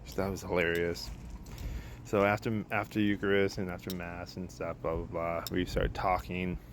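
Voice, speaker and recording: Man, very low voice, rambling casual storytelling, outdoors, noticeable background noise. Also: little pitch movement, normal speed. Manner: rambling, self-correcting, casually profane. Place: outdoors at a backyard barbecue.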